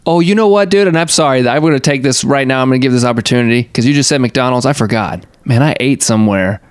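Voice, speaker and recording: A man's voice: mid-range voice, fast, clean tone, no room sound. A young man co-hosting a podcast, chatting casually in a laid-back, rambling way with lots of fillers and the odd swear. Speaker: podcast co-host. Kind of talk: casual chat.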